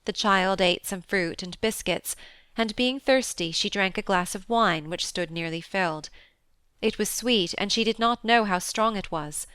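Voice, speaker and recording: A woman narrates a classic novel in a smooth, clear voice at a mid pitch. She keeps an even, measured storytelling pace, and her reading sounds dry and close to the mic. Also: dry recording. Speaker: audiobook narrator. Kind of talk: scripted narration.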